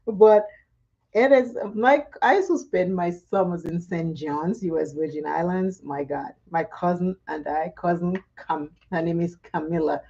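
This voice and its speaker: A woman's voice: fairly low pitch, moderate pace, a little mellow. A woman chatting casually and laughing often while she does her makeup for a vlog. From Caribbean. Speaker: makeup vlogger. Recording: dull lo-fi sound.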